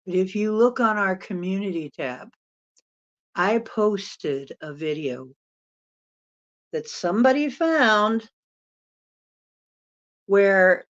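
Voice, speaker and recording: A woman hosting a casual live-stream Q&A as a spiritual channeler, chatting in a rambling way and laughing often. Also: mid-range voice. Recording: dull lo-fi sound.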